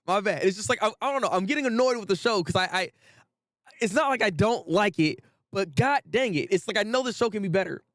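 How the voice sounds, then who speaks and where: A man's voice: sits high, fast, no room sound, studio quality. A man hosting a casual anime commentary, ranting animatedly with frequent laughs and repeated phrases. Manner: animated, repetitive, laughs often, swears casually.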